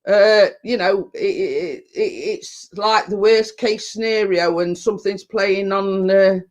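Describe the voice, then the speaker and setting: A middle-aged woman, a vlogger, reads viewer comments in a casual live chat. Her mid-range voice is steady, unhurried, and slightly mellow as she rambles along, often repeating herself and laughing.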